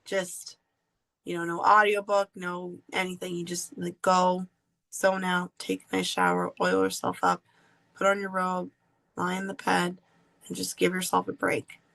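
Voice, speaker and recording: Gravelly-voiced woman sharing a personal story. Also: on the low side, steady tone, fairly bright tone. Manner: earnest, confessional, drawn-out pauses. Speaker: podcast host.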